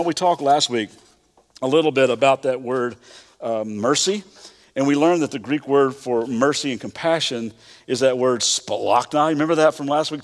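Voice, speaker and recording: A middle-aged man with a Kentucky accent, preaching a sermon in a folksy, conversational way with frequent stammered restarts. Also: medium pitch. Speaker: pastor. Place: church auditorium. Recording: church hall reverb.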